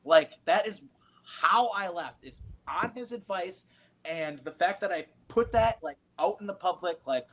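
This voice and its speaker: A man's voice: sits high, lively intonation, measured pace, fairly bright tone. A man talks in a loose, rambling way as a round-table guest. He is earnest and fills his speech with many fillers. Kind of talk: casual round-table chat.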